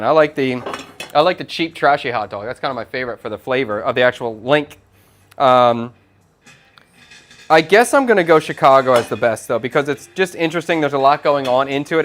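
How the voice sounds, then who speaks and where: A man's voice: medium pitch, a bit bright. A middle-aged man, a chef hosting a casual cooking livestream, chatting loosely and thinking aloud while he cooks.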